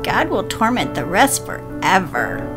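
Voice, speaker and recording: A prim, sugary church lady, voiced by a woman, talks down to a neighbor with a sweet, condescending lilt. Her voice rises and falls dramatically, unhurried. Guitar music plays underneath. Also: medium pitch, big pitch swings. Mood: smug, preachy. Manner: sweetly condescending, calls others dear.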